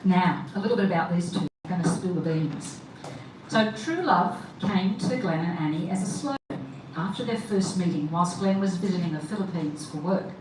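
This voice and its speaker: A woman leads a wedding ceremony, talking to the gathered guests in a chatty, upbeat way. Her voice sits a little low, and it comes from some distance off. The sound is heavily echoey, with clear background noise. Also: normal speed. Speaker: wedding celebrant.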